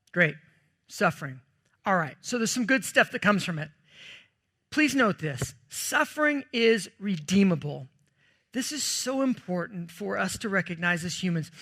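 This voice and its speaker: Guy pastor preaching, kinda high voice, goofy storytelling, gets loud fast. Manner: animated, jokey storytelling with sudden loud bursts. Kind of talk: sermon.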